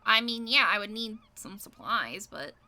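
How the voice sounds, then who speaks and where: Woman voicing an odd little gnome inventor, bright and deadpan, literal-minded. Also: medium pitch, normal speed.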